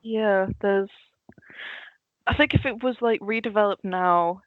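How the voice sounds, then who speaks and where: A woman's voice: medium pitch, a little slow, no echo. A woman co-hosting a film podcast, chatting animatedly and acting out characters' lines as she talks. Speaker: podcast co-host. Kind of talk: casual film discussion. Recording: slightly dull lo-fi mic.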